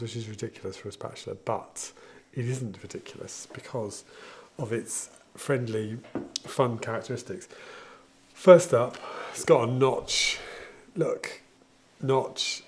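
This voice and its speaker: A man's voice: medium pitch, a little hiss or hum. Chatty man demonstrating baking gear. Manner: chatty, jokey, enthusiastic. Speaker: home baker showing equipment. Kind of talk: casual product demonstration.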